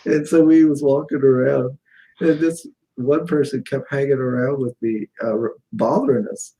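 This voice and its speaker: In a casual livestream, a male co-host tells stories animatedly and laughs often, his pitch jumping up when he's amused. He speaks at a moderate pace, and the recording is rough.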